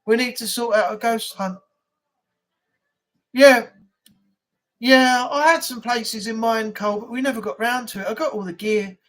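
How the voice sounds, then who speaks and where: A man's voice: very high voice, steady tone, moderate pace, pauses often, fairly bright tone. A man with an English accent hosting a casual live chat, telling stories in a rambling, blunt way.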